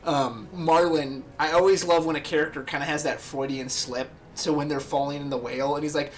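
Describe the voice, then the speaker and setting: A man's voice: a little high, fairly even intonation, a little fast, hardly any pauses. A man talking casually and enthusiastically about a favorite film, often quoting its lines. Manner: enthusiastic, quotes film lines in little voices. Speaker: podcast host.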